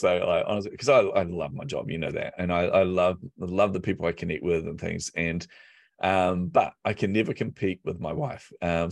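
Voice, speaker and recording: Podcast guest, male business coach, deep voice, gravelly, lively storyteller. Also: dry recording, clean studio sound. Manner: animated storyteller, laughs often. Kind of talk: casual podcast conversation. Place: office.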